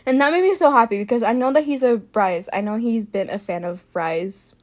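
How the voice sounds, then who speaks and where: A woman's voice: on the high side, brisk, no room sound. A woman vlogger in a casual rant to camera, heated and frustrated, with lots of fillers and swearing.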